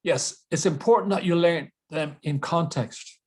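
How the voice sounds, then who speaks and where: A man's voice: on the high side, a little slow, darkish tone. A man teaching an online English lesson to a webcam, playful and jokey, repeating words for drilling.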